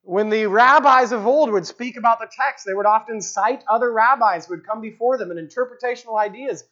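This expository sermon comes from a preacher with a brisk, slightly bright, medium-pitched voice. He explains the original language of the text and stresses key phrases by repeating them, captured in a dull lo-fi recording.

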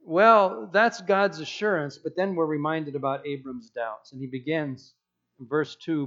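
A man's voice: a little high, measured pace, a bit bright. Brief: a conversational male preacher with a slightly raised voice and dull sound. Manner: conversational, rhetorical questions, frequent restarts. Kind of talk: sermon.

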